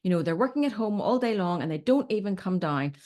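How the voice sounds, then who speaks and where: Lively woman giving advice. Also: mid-range voice, fairly quick. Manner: animated storyteller, acts out quotes, says "okay?" often. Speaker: relationship coach guest. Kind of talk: casual advice chat.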